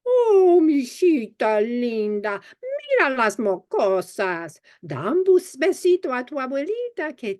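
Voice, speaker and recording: A woman in her seventies voicing a doting older Chilean grandmother with a Chilean Spanish accent, in a high, sing-song coaxing voice. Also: very animated, measured pace, few pauses, a little mellow. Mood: affectionate. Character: doting older Chilean grandmother, warm, fussing over food.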